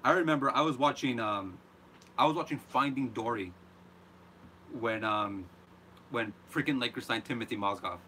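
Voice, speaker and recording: Bright-voiced man ranting animatedly. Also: mid-range voice, moderate pace, long pauses, a little hiss or hum. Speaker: host. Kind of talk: live reaction rant.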